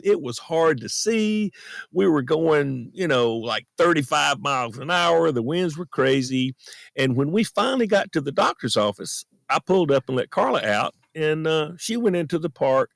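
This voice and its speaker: Brief: male podcast host, folksy earnest storyteller, animated, bone-dry closet sound. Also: on the high side, gravelly, no echo. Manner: earnest, folksy, self-deprecating. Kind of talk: personal storytelling monologue. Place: friend's closet at home.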